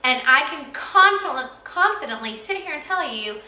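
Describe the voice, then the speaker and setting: A young woman with a high, bright voice gives an upbeat, emphatic motivational talk and keeps coming back to key words. She is recorded indoors, and the room echoes around her. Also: animated, normal speed. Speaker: co-host. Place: indoor room with a kitchen counter.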